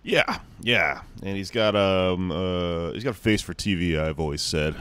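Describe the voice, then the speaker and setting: A man's voice: sits low, measured pace, a bit bright, clean tone, dry recording. A man hosting a podcast in casual chat, joking and rambling with self-deprecating asides. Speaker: podcast host.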